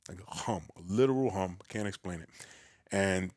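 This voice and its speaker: A man from the Bronx with a New York accent, a podcast guest telling his story in a big, loud, boisterous way. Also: moderate pace, dry recording, clean studio sound. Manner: acts out quoted voices with a raised pitch. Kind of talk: casual storytelling conversation.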